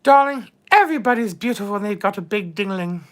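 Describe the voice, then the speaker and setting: A woman's voice: mid-range voice, lively intonation, fast, close to an everyday voice. A woman playing a vain, flirtatious mature duchess who drawls "darling" and trades bawdy innuendo while hosting a live chat in character. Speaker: live-stream host in character.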